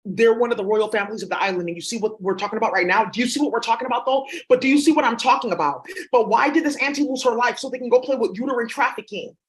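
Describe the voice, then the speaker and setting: A woman's voice: a little high, rapid-fire, hardly any pauses. A woman vlogger talking in a rambling, blunt, profane monologue. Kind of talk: casual monologue.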